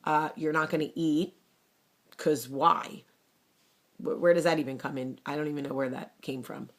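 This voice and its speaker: A woman, telling a personal story to camera in a blunt, fiery, animated way. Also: low-pitched, normal speed. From New Jersey. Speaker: vlogger. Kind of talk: casual talk to camera.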